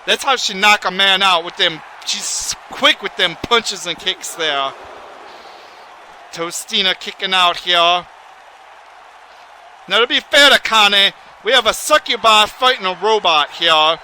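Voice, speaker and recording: A man giving excitable, folksy, rambling play-by-play commentary on a wrestling video game. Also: sits high, measured pace, a faint crowd, a little hiss or hum, low-quality recording.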